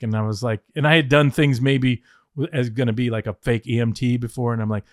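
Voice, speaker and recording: A man telling backstage stories in a casual interview, animated, acting out other people's lines, swearing and laughing often. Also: medium pitch, fast, no room sound, studio quality. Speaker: former wrestling head writer telling stories.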